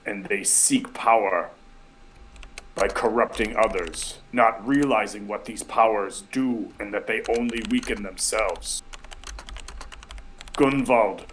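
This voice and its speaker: Man doing a grave bear-tribe figure: hearty, clear, slow and measured, pitched lower than his own voice, with faint background noise. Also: poor audio. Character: solemn bear-tribe speaker named Koda.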